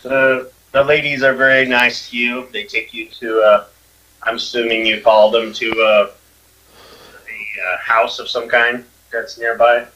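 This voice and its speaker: Slow, bright-voiced game master. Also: male voice, mid-range voice, level tone, dull audio. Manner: halting, filler-heavy narration. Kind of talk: narrating a tabletop game.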